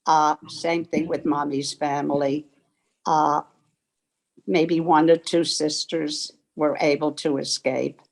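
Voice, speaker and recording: An older woman from Germany telling her life story in a slow, reflective, heartfelt way over a video call. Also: low voice, level tone, creaky, low-quality recording. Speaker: interviewee. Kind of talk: personal storytelling.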